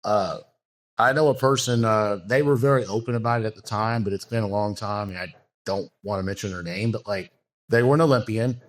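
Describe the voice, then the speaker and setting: A man's voice: fairly low pitch, brisk. A man, a bodybuilding coach, talking earnestly in a casual podcast conversation, with long loose run-on sentences and many fillers.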